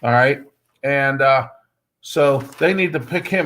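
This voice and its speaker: A man's voice: fairly high pitch, a little slow, pushed and bright. A man hosting a live sports talk show, blunt and opinionated, rambling with many fillers and repeated checks like "okay?". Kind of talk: casual sports talk monologue.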